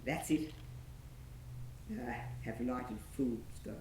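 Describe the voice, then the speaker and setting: A woman theatre director coaching actors through a rehearsal, enthusiastic and calling out sharp commands. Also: slow. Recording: echoey room, faint rumble.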